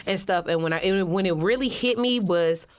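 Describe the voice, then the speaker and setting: A woman with an Atlanta accent, an interview guest telling stories in animated, profane, slangy casual talk. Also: mid-range voice, normal speed. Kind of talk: casual storytelling.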